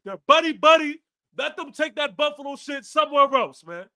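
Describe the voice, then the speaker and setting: A man's voice: very high-pitched, lively intonation, moderate pace, bright, forceful tone. A man hosting a live fan stream, ranting after a game with profanity and lots of repetition. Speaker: fan podcast host.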